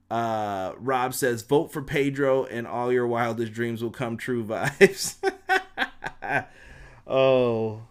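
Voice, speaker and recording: A young man recapping a wrestling show in a casual, slangy way, putting on voices for the quotes and reading out viewer comments. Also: mid-range voice.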